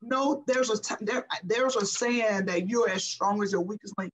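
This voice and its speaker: A woman's voice: mid-range voice, normal speed, rough recording. A middle-aged woman, a former basketball player, talking passionately and emphatically as a guest in an interview. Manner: passionate, emphatic, repeats herself. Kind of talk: casual interview talk.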